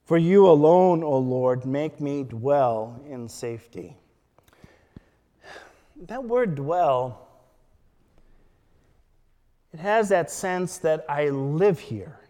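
Slow, measured man preaching in a hall. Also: fairly high pitch, animated, warm tone. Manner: slow, measured preaching with emphatic scripture quotes. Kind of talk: sermon.

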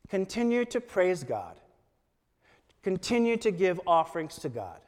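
A man preaching in a church, his slightly high voice carrying a long reverb. He speaks slowly and deliberately, reading scripture aloud and pausing between phrases. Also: a little mellow. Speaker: pastor. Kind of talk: sermon.

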